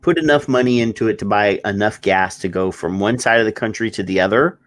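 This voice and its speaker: A man with a lowish voice hosts a podcast in relaxed, casual conversation. He jokes easily and spins out playful schemes as he talks. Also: a little fast. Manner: joking, spinning playful schemes. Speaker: podcast host. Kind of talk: casual chat.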